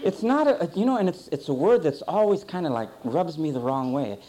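With crowd noise around him, a middle-aged man preaches fairly quickly in a voice on the high side. His lively sermon moves from defining words to a folksy tale from his childhood, his volume rising and falling.

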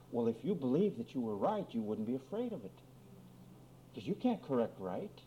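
A man preaching a lively sermon on marriage quarrels, acting out both spouses in mock voices and reading scripture. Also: mid-range voice, moderate pace. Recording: dull lo-fi recording with faint room noise.

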